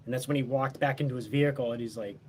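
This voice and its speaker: A man's voice: mid-range voice, fairly even intonation, very fast, darkish tone, slight background noise. A man telling a story in a casual, boastful, heavily profane, rambling way.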